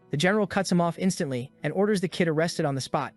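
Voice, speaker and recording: A man narrating a comic story recap in a brisk scripted delivery, voicing quoted lines plainly. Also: a little high, soft background music.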